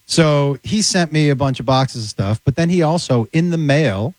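A man's voice: on the high side, lively intonation, moderate pace, a little mellow, no room sound. A man telling comic stories in casual chat, acting out the voices of people he quotes. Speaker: comedian guest.

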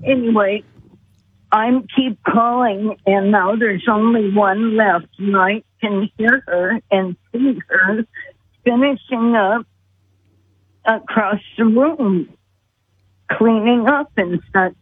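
A woman calls in and tells her story slowly and earnestly. Her voice is husky and a little breathy. It comes through a thin, tinny phone line. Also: medium pitch. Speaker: guest. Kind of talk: storytelling on a call-in show. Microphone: telephone.

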